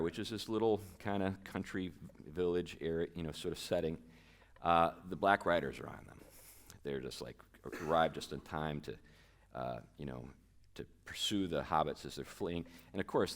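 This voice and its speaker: A man giving a casual, conversational talk to a men's group in a church hall, with fillers and chatty asides. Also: low-pitched. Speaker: guest speaker.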